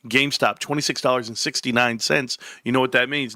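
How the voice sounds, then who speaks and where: A man's voice: medium pitch, steady tone, a little fast, sharp tone, no echo, clean studio sound. A man hosting a livestream, casually talking viewers through stock charts and correcting himself as he goes. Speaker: livestream host. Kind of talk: casual market commentary.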